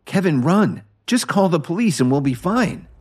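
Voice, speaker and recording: A man voicing a brisk, tough female police officer in an audiobook story. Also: medium pitch, very animated, husky, pitched above the performer's own voice. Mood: commanding. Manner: urgent, commanding.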